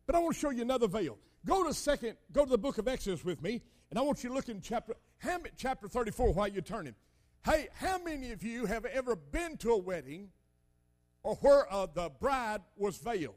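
An older man preaching a sermon, telling folksy stories with loud emphatic bursts. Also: extremely high pitch, very animated, a little fast.

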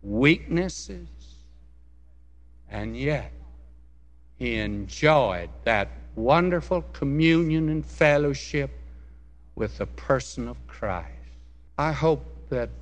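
A male preacher giving a sermon in a church, slow and deliberate, rising in force when he quotes scripture. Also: medium pitch. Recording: long hall reverb.

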